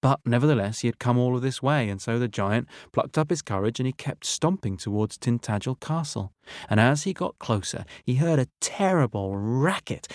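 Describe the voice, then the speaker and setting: A man's voice: mid-range voice, expressive, moderate pace, vocal fry, dry recording, clean studio sound. A man telling a story to children, narrating expressively and speaking to his young listeners.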